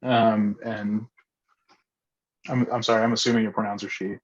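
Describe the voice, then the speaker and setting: A man's voice: on the low side, little pitch movement, moderate pace, dull audio. Hesitant man leading a discussion. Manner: hesitant, many fillers and restarts. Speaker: discussion facilitator. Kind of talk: casual discussion.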